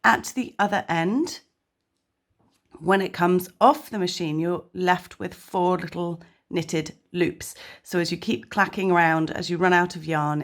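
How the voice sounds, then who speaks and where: Croaky woman hosting a craft tutorial. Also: fairly low pitch. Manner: chatty, self-deprecating. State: croaky voice from tonsillitis. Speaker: crafting channel host. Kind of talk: casual tutorial narration.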